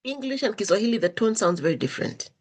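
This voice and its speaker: Woman podcast host, lively pitch, conversational storytelling, acts out dialogue. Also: quick pace. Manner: animated, acts out quoted dialogue with shifting intonation.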